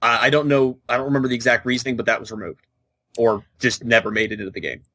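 A man's voice: mid-range voice, fairly even intonation, fast, sharp tone, no room sound. A man co-hosting a casual video game podcast, emphatic and argumentative, sure of his points. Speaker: podcast co-host. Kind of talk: casual chat about video games.

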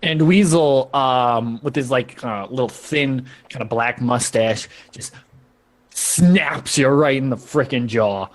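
A man's voice: mid-range voice, slow. A man narrating as game master of a tabletop role-playing game, rambling with frequent fillers and laughter.

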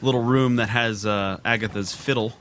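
A man co-hosting a casual gaming podcast over a call, laid-back and quick to laugh as he comments on his play. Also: lowish voice, steady tone, a bit bright, a little hiss or hum. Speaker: podcast co-host and player. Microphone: remote call mic.

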